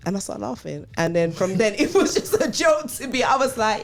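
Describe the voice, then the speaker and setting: A woman with a London accent, chatting casually and telling an animated, slangy story as co-host. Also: fairly high pitch, fairly quick, creaky, a little hiss or hum. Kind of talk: casual chat.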